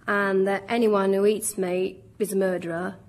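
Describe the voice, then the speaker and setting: A woman playing a deadpan militant activist. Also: mid-range voice, normal speed, very noisy, lightly acted. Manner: deadpan, matter-of-fact.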